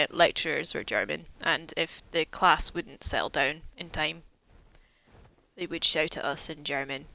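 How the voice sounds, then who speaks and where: Gravelly, bright-toned Scottish woman. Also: low voice, dry recording, low-quality recording. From Scotland. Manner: chatty, rambling, wry. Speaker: game streamer. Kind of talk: casual chat while playing.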